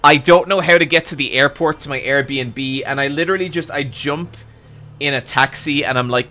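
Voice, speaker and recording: A young man telling a long, animated story to his stream chat, swearing often and stumbling over restarts. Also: medium pitch, normal speed. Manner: animated, swearing, with frequent restarts and "I'm like" quotes.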